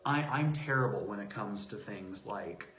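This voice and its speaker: A man speaking as an interview guest about self-advocacy, telling stories with lively acted-out quotes. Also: on the low side, normal speed. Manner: animated storyteller acting out quoted voices. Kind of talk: casual interview talk. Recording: roomy echo.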